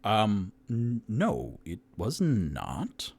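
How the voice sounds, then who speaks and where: A man voicing a towering, gentle male elephant-folk adventurer in a tabletop game, speaking softly, politely and with hesitation. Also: on the low side, huge pitch swings, drawn-out words, vocal fry, slightly rough, full character voice. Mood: hesitant. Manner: soft-spoken, hesitant and polite. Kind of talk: tabletop role-play voice.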